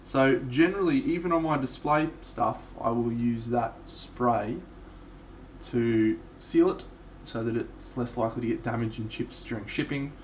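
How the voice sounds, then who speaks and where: A man's voice: mid-range voice, a little slow, a little mellow, slight background noise. A man with an Australian accent, chatting casually and swearing freely while streaming his miniature painting live. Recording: echoey room.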